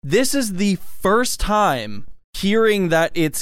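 A playful young man joking around on a casual podcast. His voice sits high and sounds smooth and clear. It moves up and down a lot, and the mic is dry and close. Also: big pitch swings, takes it slowly, fairly bright tone, no echo. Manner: playful, jokey. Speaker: podcast co-host. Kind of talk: casual chat.

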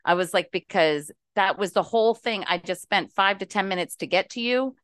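A woman's voice: mid-range voice, moderate pace, a bit bright, clear, resonant tone, no echo, clean studio sound. A middle-aged woman from West Virginia calling into a talk show, venting animatedly and with exasperation. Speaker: caller. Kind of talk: casual talk-show call-in.

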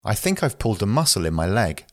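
A man reading short phrases aloud for language learners, slow and careful, one at a time. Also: on the low side, sing-song, darkish tone, no echo, clean studio sound. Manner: slow, careful, evenly paced phrase delivery. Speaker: phrasebook reader.

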